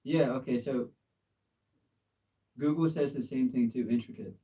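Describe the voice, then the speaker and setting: A man's voice: mid-range voice, fairly even intonation, unhurried, warm tone, distant mic, low-quality recording. An American man giving a casual live English lesson, patiently correcting a learner's pronunciation with encouragement and frequent laughs. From United States. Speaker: English tutor. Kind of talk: live language exchange lesson.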